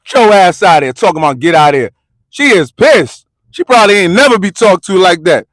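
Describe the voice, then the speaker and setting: A man from the United States with a very high voice rants in a heated street vlog, hammering the same slangy lines again and again. His voice is close and dry on a phone mic, with no room sound. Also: lively intonation, fairly quick, fairly bright tone, no echo. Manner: repetitive, slangy, confrontational ranting. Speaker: vlogger and commentator. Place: parked car.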